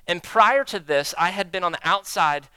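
A pastor with a high-sitting, clean voice preaches a sermon, acting out prayers and an inner dialogue with God. He swings from loud emphasis to hushed, slow phrases, and there's no echo.

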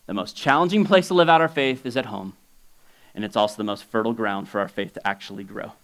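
Preaching fast, a male pastor keeps his sermon casual and conversational. He alternates booming, high exclamations with hushed, low asides and chuckles often as he moves from point to point.

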